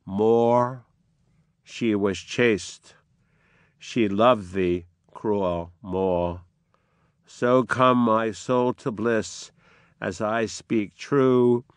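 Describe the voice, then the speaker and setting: A man's voice: lowish voice, very slow, smooth, no room sound. A man voicing a furious, grief-stricken woman servant in an impassioned dramatic reading of verse. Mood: dying.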